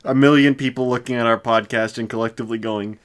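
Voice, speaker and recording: A man's voice: medium pitch, steady tone, quick pace, clear, resonant tone. A young man co-hosting a podcast, rambling casually with lots of fillers and laughter. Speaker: podcast co-host. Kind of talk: casual chat.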